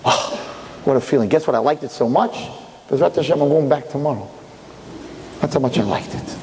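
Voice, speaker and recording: Animated New man preaching in a hall. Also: a little fast, slight background noise. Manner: animated, emphatic, rising to high pitch. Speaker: religious speaker. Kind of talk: sermon with storytelling. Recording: hall reverb, faint ambience.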